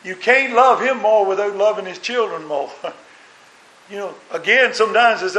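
A man's voice: high-pitched, normal speed, a bit bright. A man preaching a sermon as a minister, earnest and full of rhetorical questions. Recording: roomy echo.

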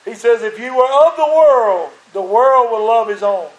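A man with a high voice preaches to his congregation, driving his points home by repeating phrases. His voice sounds strained from the effort. The sound rings around an echoey church sanctuary. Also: moderate pace. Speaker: pastor. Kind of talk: sermon.

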